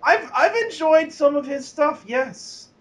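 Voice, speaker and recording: A man in a casual wrestling recap chat, speaking haltingly with many stumbles and restarts. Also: very high-pitched, lively intonation, background noise. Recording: dull lo-fi audio.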